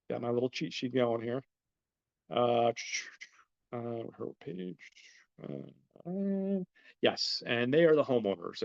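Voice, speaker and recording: Man, podcast host, rambling casual film recap, mid-pitched voice, muffled lo-fi audio. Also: creaky, darkish tone. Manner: rambling, chatty, addressing listeners.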